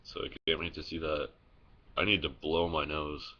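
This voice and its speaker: A man's voice: a bass voice, little pitch movement, normal speed, highs cut off. A young man vlogging in a casual, rambling way, telling stories full of fillers, restarts and swearing, recorded on a phone. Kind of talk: casual vlog storytelling.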